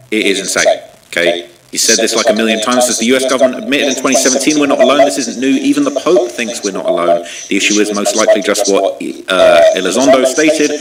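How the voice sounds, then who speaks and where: A man's voice: fairly low pitch, echoey room, far from the mic, poor audio. A man hosting a show, reacting to clips in emphatic casual commentary with rhetorical questions. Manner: emphatic, repeats points, asks rhetorical questions.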